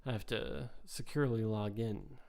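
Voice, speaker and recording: A man with a slightly hoarse voice, loosely thinking aloud as he hosts a casual stock market commentary. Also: lowish voice, normal speed, darkish tone. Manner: thinking aloud while reading charts, loose and offhand. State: slightly hoarse, losing his voice. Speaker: host.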